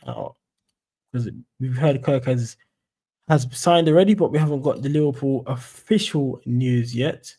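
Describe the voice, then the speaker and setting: Young London bloke, casual streamer, rambling chat, mellow warm tone. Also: male voice, medium pitch, a little slow. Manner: chatty, rambling, says "mate" and "you know what I'm saying". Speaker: football fan streamer. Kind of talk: casual live-stream commentary.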